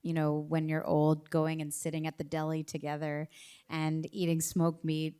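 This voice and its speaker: A woman with a fairly low, smooth and resonant voice, interviewing in a live onstage conversation. Her questions come measured and friendly, with an occasional "um.". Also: monotone, dark tone.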